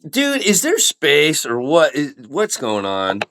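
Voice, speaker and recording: A man's voice: fairly high pitch, wildly swooping pitch, takes it slowly, a bit bright, slight background noise. A man co-hosting a podcast, joking and rambling through casual chat. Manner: joking, rambling, goofing around. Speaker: podcast co-host.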